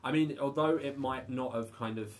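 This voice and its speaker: A man's voice: mid-range voice, normal speed. A wry man in casual chat, co-hosting a film review podcast. He sounds opinionated in a mid-range voice and often restarts his sentences.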